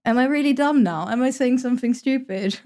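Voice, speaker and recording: A young woman streams her gameplay in a high, brisk, mellow voice. She chats casually, thinks out loud, and swears freely as she plays.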